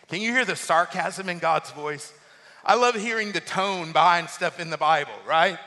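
Bright-voiced preaching man, high pitched. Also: moderate pace, big-room sound. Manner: animated preaching, rising to near-shouts. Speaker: pastor. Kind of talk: sermon.

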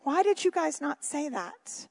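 A woman preaching to her congregation in a strikingly high voice that carries a gravelly edge of fry. She reads scripture and drifts into casual, joking asides as she goes. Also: very animated, a little slow, a little mellow. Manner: chatty asides and jokes to the congregation. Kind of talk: sermon with Bible reading.

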